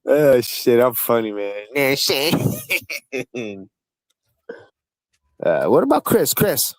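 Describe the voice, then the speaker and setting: A man hosting a live-stream panel in casual chat. He swears constantly and needles the other guests with rapid-fire questions. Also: mid-range voice, very animated, no echo, rough recording.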